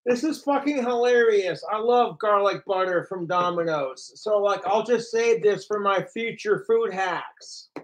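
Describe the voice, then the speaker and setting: A man's voice: high voice, unhurried, hardly any pauses, rough recording. A man livestreaming, ranting profanely and mockingly about his trolls and talking about himself in the third person. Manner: mimics his trolls in sneering voices.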